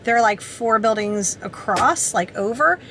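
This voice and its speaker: A woman's voice: a little high, animated, measured pace, bright, forceful tone, a little hiss or hum. A woman vlogging casually to camera, upbeat and chatty, full of "like"s. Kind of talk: casual vlog talk to camera.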